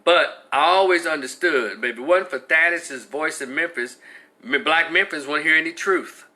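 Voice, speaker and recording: Speaking at a normal pace, a male streamer rants loosely and animatedly straight to his live chat in casual commentary. His bright, sharp voice is a little high, and he keeps restarting sentences.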